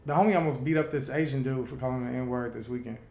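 A man in casual conversation, telling stories in an animated, profane way and laughing often. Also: mid-range voice, fast, creaky, echoey room, slight background noise. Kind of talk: casual chat, storytelling.

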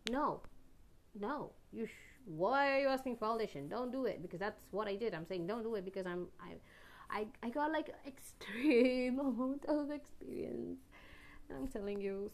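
A young woman talking earnestly to the camera about being alone and loving herself, rambling with restarts and occasional sudden loud bursts. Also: medium pitch. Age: young adult. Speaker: vlogger. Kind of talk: personal reflective monologue.

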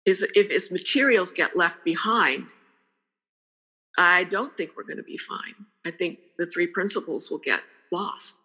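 A woman's voice: lowish voice, lively intonation, unhurried, bright, forceful tone, slightly rough, in a large hall. An older woman, a guest in a casual interview, speaking earnestly and repeating phrases for emphasis. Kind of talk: casual conversation.

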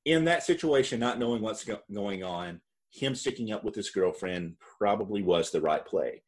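A man with a fairly low voice talks through a reality-show recap in loose, casual chat. He rambles, restarts his sentences, and laughs along with his co-host. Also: lively intonation, normal speed. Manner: rambling, self-correcting, laughs often. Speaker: podcast co-host.

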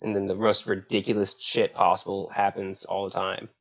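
Laid-back low-voiced man, dull lo-fi mic. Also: level tone, moderate pace, vocal fry. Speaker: podcast co-host. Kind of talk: casual chat.

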